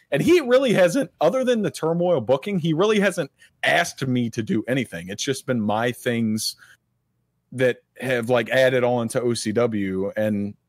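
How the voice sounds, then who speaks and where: A man's voice: mid-range voice, dry recording, studio quality. A man as a guest on a casual podcast, rambling with many fillers and self-deprecating remarks.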